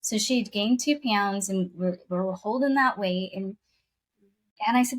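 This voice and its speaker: A woman's voice: medium pitch, measured pace. A woman guest telling a personal story in conversation, earnest and emotional, often repeating her phrases.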